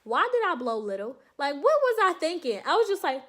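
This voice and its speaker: Chatty young woman, slightly high voice. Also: a little fast. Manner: animated, chatty, laughs often, addresses viewers as y'all. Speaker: vlogger recounting her enlistment processing. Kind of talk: casual storytelling to camera.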